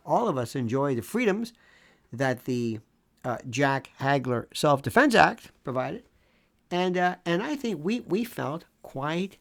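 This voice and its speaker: A man's voice: a little high, creaky. A man in his sixties from Florida, a legal commentator giving a sarcastic solo monologue and sometimes dropping into mock whispers. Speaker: legal commentator and talk host.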